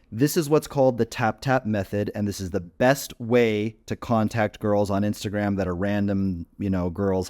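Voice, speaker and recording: A man's voice: on the low side, darkish tone. A man giving a screen-share tutorial as a dating coach, casual and full of fillers while he clicks through screens.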